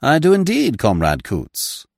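A man voicing a young gentleman who speaks with elaborate, drily witty politeness. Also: lowish voice, wildly swooping pitch, normal speed, no room sound, clean studio sound, heavily acted. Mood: suave. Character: suave, languid young English gentleman.

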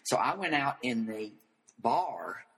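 An older man as an interview guest, telling animated stories and acting out the voices of the people in them. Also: medium pitch, slow pace, slightly rough, rough recording. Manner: flamboyant storyteller who acts out quoted voices.

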